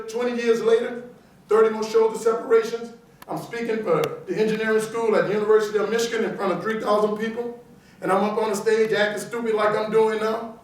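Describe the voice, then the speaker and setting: High-pitched man speaking in an echoey hall. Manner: punchy, emphatic, joking with the crowd. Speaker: motivational speaker. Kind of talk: animated motivational storytelling speech. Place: large auditorium. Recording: echoey auditorium, voice from far off.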